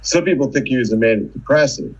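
Man, guest historian, husky voice, casual retelling with restarts. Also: mid-range voice, expressive, quick pace, muffled recording. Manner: loose, conversational retelling with restarts. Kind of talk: casual interview chat.

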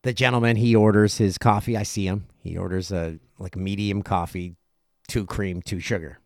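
A middle-aged man hosting a podcast, telling a casual story and acting out other people's lines in quick asides. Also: low-pitched, fairly even intonation, no echo, studio quality. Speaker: podcast host.

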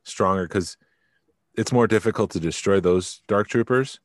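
A man co-hosting a podcast chats casually, rambling and often trailing off mid-thought. His voice is fairly low and moves at a normal speed, recorded in studio quality with no room sound.

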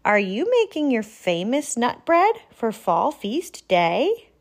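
A woman voicing a kind, generous female porcupine in a storybook, in a bright, friendly, lilting voice. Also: a little high, huge pitch swings, takes it slowly, pitched above the performer's own voice, heavily acted.

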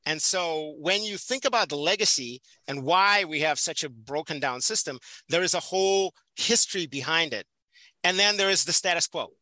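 A passionate man from the Soviet Union speaks as a podcast guest, driving his points home by repeating words. His voice sits high and sounds very bright and sharp. The recording is dry and close. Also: lively intonation, moderate pace, no echo, rough recording. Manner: emphatic, passionate, repeats for stress. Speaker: podcast guest, prison volunteer teacher. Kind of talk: casual conversational interview.

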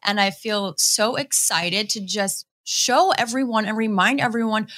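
A woman in her thirties from the Boston area, chatting excitedly as a guest in an interview and acting out quoted voices. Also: measured pace. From Boston area, USA. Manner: excitable, acts out quoted voices with high swoops. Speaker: guest wrestler. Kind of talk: casual interview chat.

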